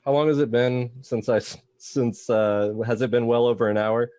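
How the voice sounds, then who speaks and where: A man's voice: medium pitch, steady tone, moderate pace, warm tone, smooth, dry recording, studio quality. A man playing a tabletop game, asking questions in a hesitant way. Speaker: player.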